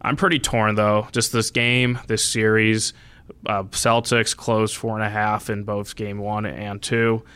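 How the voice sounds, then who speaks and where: A man co-hosting a podcast, giving his views on sports bets in a measured, slightly hesitant way. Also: lowish voice, level tone, fairly bright tone, clear, resonant tone, no room sound. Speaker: podcast co-host. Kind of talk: casual sports betting chat.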